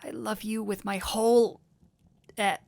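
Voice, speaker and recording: In this audio role-play, a woman voice actor plays a sweet, clumsy dullahan boyfriend, and her delivery is affectionate, tender, and giddy, with playful self-teasing. Her voice is mid-range and slightly mellow, level in tone, a bit slow, and touched by vocal fry.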